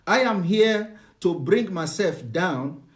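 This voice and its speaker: A man's voice: high-pitched, expressive. Hesitant Nigerian man lecturing live. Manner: halting, many "uh" fillers and restarts, lecturing. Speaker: host of a live online broadcast. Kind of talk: unscripted live broadcast monologue.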